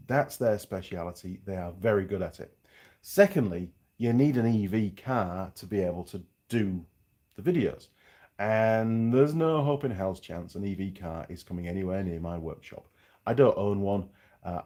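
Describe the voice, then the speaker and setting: The voice is lowish and darkish in tone, belonging to a middle-aged Yorkshire man with a faded local accent. As a mechanic and channel host, he talks casually and frankly to livestream viewers, rambling off on asides.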